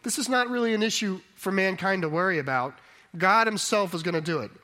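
Slightly high-voiced reflective male pastor. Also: a little fast, bright, forceful tone. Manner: thoughtful, reflective, rising to emphatic. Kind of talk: sermon.

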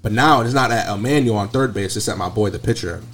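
A young man casually telling an animated, slangy story full of profanity. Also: lowish voice, quick pace. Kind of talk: casual chat.

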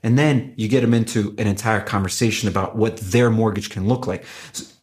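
A man who is a company executive, pitching his product in an animated, emphatic way with frequent restarts. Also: fairly quick. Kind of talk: conversational business pitch.

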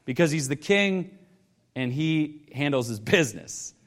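A man's voice: on the high side, expressive, a little slow, fairly bright tone. A male pastor preaching a sermon earnestly, building emphasis with repeated questions to the congregation.

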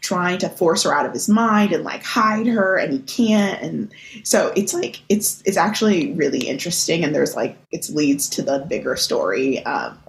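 Lively rambling woman podcast co-host. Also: lowish voice, normal speed, vocal fry. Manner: rambling, many fillers and restarts. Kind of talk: casual chat. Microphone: video call.

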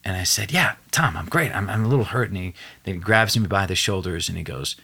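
An earnest young man tells a personal story on a podcast, his voice sitting a little low. He acts out the other people's lines as he goes, and he tells it with real emotional weight. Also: a little fast, slightly rough. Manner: earnest, animated retelling with acted quotes. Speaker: podcast guest.

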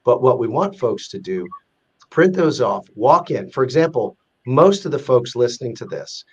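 A man's voice: mid-range voice, big pitch swings, moderate pace, husky, dull audio. A man in a casual interview, earnestly explaining a ratings database with many restarts. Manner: earnest, explanatory, with frequent restarts and acted-out example quotes. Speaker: guest explaining a corporate risk rating database.

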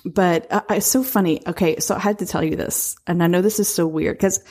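A woman in her forties co-hosts a book podcast. She chats with an easy, laughing manner and also reads out a review. Her voice sits slightly low. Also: fairly even intonation, dark tone, husky. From United States. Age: 40s. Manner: chatty, quick to laugh. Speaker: podcast co-host. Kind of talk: casual chat and book review.

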